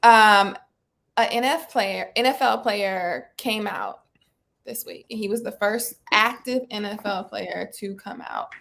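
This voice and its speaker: A woman co-hosting a live weekly talk show, chatting casually and with animation, using slang and quick asides. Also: medium pitch, big pitch swings, gravelly, a bit bright. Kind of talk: casual chat.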